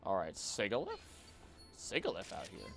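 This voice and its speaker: A man chatting casually on a live gaming stream, jokey and animated, talking to the creatures on screen. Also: sits low, normal speed, gravelly, music in the background. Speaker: streamer and voice actor.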